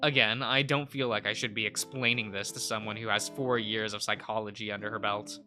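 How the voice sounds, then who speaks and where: A man reads a story game aloud on stream, his tone bright and sharp. He trips over words and backtracks often. Soft guitar music plays faintly behind him. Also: fairly low pitch, little pitch movement, fairly quick. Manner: reads narration with many fillers and self-corrections. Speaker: streamer reading a visual novel aloud. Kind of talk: reading a visual novel aloud.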